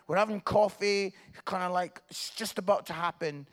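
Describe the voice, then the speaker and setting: A middle-aged Scottish man preaching with a notably high voice. He tells his story with comic timing, dropping to a hush and then rising almost to a shout. His delivery stays conversational and animated throughout. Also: normal speed. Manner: animated, swinging from hushed to near-shouting. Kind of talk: humorous sermon storytelling.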